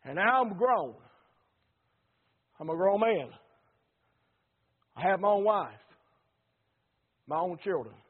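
A Southern preacher with a very high voice delivers a folksy sermon full of repeated refrains. He sounds middle-aged, and the recording is thin and tinny, like a phone line. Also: animated, slow pace, long pauses, slightly rough. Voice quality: folksy, repetitive preaching cadence. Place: church.

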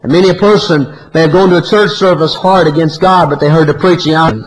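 A man preaching a sermon, swinging from loud high climbs to low quiet drops. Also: fast, rough recording. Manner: animated preaching, often rising high and loud, then dropping low.

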